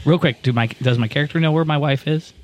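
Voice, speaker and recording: A man's voice: fairly high pitch, fast talker. A man playing a tabletop game, speaking in a hesitant, uncertain way. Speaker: tabletop player.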